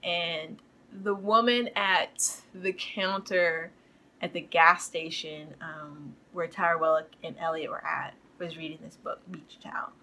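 A woman's voice: on the low side, fairly even intonation, slow, bright, forceful tone, low-quality recording. Rambling woman recapping a TV episode. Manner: rambling, full of fillers like you know. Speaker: podcast host.

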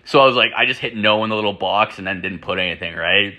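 Guy rambling crude stories, like like like, swears nonstop, bright punchy voice. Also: fairly low pitch, fast. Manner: rambling, profane, full of "like" fillers; animated, jumps into acted-out quotes. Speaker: podcast host. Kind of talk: crude casual storytelling.

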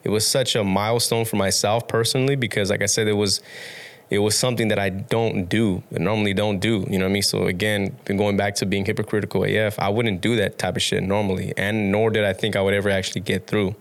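Rambling, low-voiced young man guest. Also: little pitch movement, quick pace, creaky. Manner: rambling, restarts, swears casually, laughs often. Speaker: podcast guest. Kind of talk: casual interview chat.

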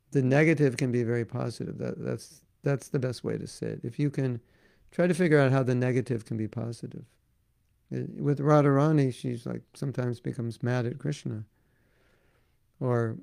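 A man teaching and answering listeners' questions in a devotional talk, speaking in a conversational, gently coaxing way. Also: medium pitch, gravelly, no room sound, clean studio sound. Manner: conversational, gently coaxing, frequent "you know".

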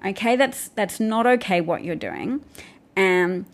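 A woman's voice: medium pitch, expressive, a little slow. A woman with an Australian accent hosting a live stream, answering viewer comments in a casual way with many restarts, fillers and dry asides.

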